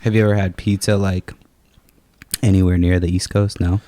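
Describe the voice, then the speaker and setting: A man's voice: low voice, level tone, normal speed, mellow, no echo. A young man co-hosting a podcast, chatting casually and swearing freely while smoking. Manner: laid-back, swears a lot. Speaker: podcast co-host.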